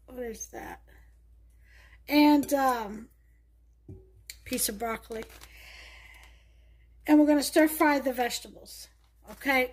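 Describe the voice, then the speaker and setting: In her home kitchen, a New York-accented woman with a high voice runs a casual cooking demo, chatting and thinking aloud with lots of fillers. A faint hiss or hum sits under the recording.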